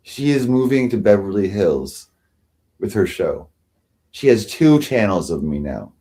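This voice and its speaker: A man's voice: lowish voice, very animated, measured pace, mellow. A man hosting a livestream, ranting sarcastically and with self-pity, often mocking others. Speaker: livestream host. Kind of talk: rambling livestream rant.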